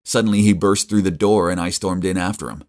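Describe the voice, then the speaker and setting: A young man giving earnest, emotive first-person narration for an animated story. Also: sits low, fairly quick.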